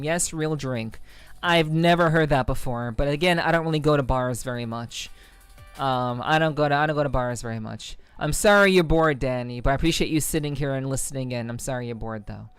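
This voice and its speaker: A woman's voice: low-pitched, normal speed, smooth, no room sound. A woman streamer from New Jersey chatting casually with viewers, rambling, repeating herself and swearing cheerfully. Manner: rambling, stammering restarts, cheerfully profane. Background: faint music.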